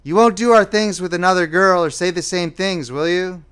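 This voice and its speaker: A man voicing a dying young British woman, speaking softly and tenderly. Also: high voice, moderate pace, clean tone, voice pushed up. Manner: soft, weak, tender.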